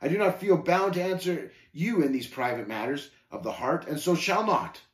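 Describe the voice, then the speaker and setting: A man's voice: on the high side, wildly swooping pitch, moderate pace, echoey room. A man reading aloud and voicing a pompous male hypocrite who bristles and snaps when challenged. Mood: haughty. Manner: indignant, huffy, snapping.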